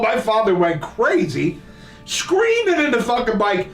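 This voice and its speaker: Profane older New man, high-pitched. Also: sing-song, normal speed. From New Jersey. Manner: profane, rambling, laughing storyteller. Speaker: podcast host. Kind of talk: casual storytelling. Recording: roomy echo, mic at a distance, faint music.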